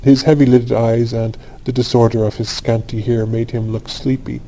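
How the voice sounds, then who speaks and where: A man reads a classic story aloud for sleep, calm and unhurried. His voice is mellow and warm, at a middle pitch, and he keeps it even and steady. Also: low-quality recording. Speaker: audiobook narrator.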